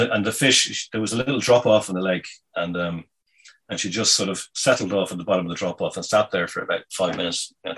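A man telling a casual anecdote in a meandering, halting way, full of ums and restarts. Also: low voice, bright, forceful tone, breathy edge, low-quality recording. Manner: meandering, halting, many fillers. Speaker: storyteller.

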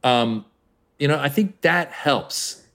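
A man's voice: fairly high pitch, slow pace, creaky. An American male comedian being interviewed, telling stories animatedly and acting out voices. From United States. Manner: animated storyteller, acts out voices. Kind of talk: interview conversation.

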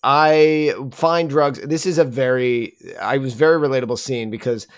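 A young man co-hosting a casual podcast chat, given to loud mock-tough bursts. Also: mid-range voice, steady tone, moderate pace, clear, resonant tone, no echo, clean studio sound. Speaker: podcast co-host.

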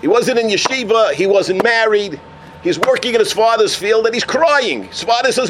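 A man teaching a Torah class as a lively storyteller who mixes in Yiddish and Hebrew terms. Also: high-pitched, moderate pace, background noise.

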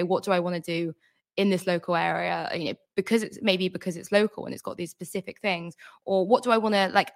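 A woman's voice: medium pitch, fairly bright tone. Chatty woman author. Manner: chatty, thoughtful, many "like" and "you know" fillers. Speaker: author, interview guest. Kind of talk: casual interview chat.

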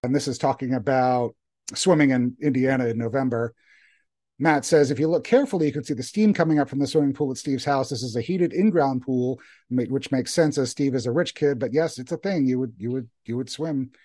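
A man's voice: medium pitch, fairly quick, dark tone. Easygoing man reading listener emails. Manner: easygoing, reads emails aloud with light laughs. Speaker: podcast co-host. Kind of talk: casual podcast chat, reading listener emails.

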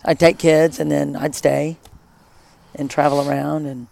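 A middle-aged former high school teacher tells a travel story in casual chat, lively and enthusiastic with many asides. The pace is measured and the voice creaky.

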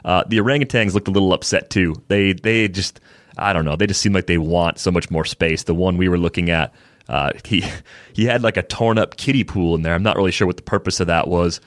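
Low-voiced man, dry close sound. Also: brisk, no room sound. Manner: relaxed storyteller, dry humor, many fillers. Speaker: podcast co-host. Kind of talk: casual podcast chat.

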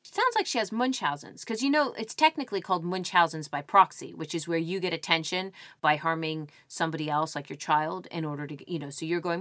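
A woman co-hosting a podcast, excitable and playful, quick to gasp and joke. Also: low voice, no room sound, studio quality. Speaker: podcast co-host. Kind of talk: casual conversational chat.

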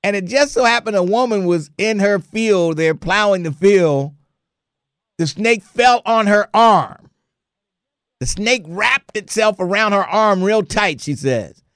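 A male radio host spins a story in an animated, chatty way, breaking into laughter as he goes. His voice sits a little high, and the studio sound is dry and close. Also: unhurried, dry recording. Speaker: radio talk show host. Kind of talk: casual talk radio chat.

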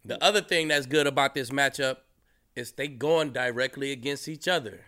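Bright-voiced former player talking football. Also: male voice, medium pitch, moderate pace. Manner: relaxed, conversational, asks "you know what I'm saying". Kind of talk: casual sports talk.

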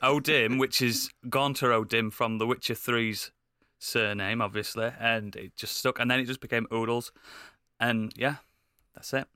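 A man's voice: medium pitch, steady tone, normal speed, bright, forceful tone, smooth, no echo, clean studio sound. A man co-hosting a podcast, chatting casually and hesitantly with lots of ums. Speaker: podcast co-host. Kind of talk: casual chat.

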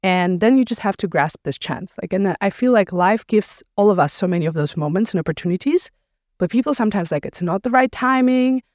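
A woman, a podcast founder interviewed on her own show, telling her story in a relaxed, reflective way with frequent "like" fillers. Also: fairly low pitch, a little fast, no room sound, clean studio sound. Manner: reflective storyteller, fills speech with "like". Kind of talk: casual conversational interview.

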